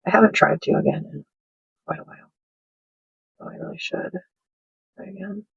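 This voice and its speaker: A middle-aged woman chatting casually and rambling while she crafts at home, with soft laughs. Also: on the low side, normal speed, vocal fry, husky, muffled recording. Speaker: craft video host. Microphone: smartphone.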